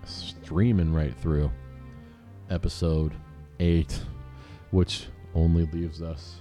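A man's voice: rumbling low, little pitch movement, takes it slowly, dark tone, faint music behind. A man casually recapping television episodes, rambling and joking, often restarting his sentences. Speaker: show host recapping episodes. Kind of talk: casual recap with mock quoted voices.

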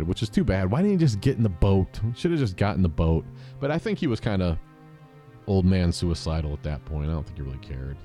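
A man's voice: low voice, warm tone. A man casually recapping television episodes, rambling and joking, often restarting his sentences. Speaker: show host recapping episodes. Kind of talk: casual recap with mock quoted voices.

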